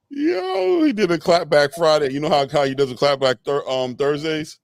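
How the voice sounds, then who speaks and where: A man hosting a casual boxing chat, excitable and slangy, laughing often. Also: fairly high pitch, vocal fry, no room sound. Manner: excitable, laughing, slangy, says "bro" a lot. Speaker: boxing podcast host.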